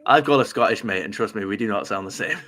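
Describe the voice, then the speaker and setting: A man's voice: on the low side, fast talker, bright, forceful tone. A British man chatting casually as co-host, hesitant and often repeating himself. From Britain. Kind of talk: casual chat.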